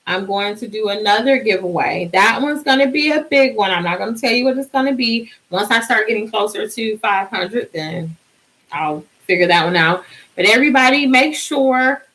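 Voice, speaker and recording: A woman's voice: a little high, expressive, normal speed, fairly bright tone, rough recording. A woman hosting a casual live stream, chatty and bubbly, sleepy and singing out little cheers.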